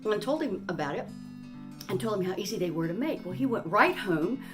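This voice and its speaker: A woman's voice: medium pitch, big pitch swings, a little fast, music in the background. A woman hosting her own cooking channel from her home kitchen, chatting casually and enthusiastically as she bakes. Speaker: cooking show host. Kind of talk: casual cooking vlog chat.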